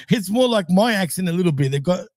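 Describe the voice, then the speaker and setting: A man's voice: sits high, darkish tone, no echo, studio quality. A man co-hosting a podcast, chatting casually through a wrestling recap, rambling and laughing often. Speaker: podcast co-host.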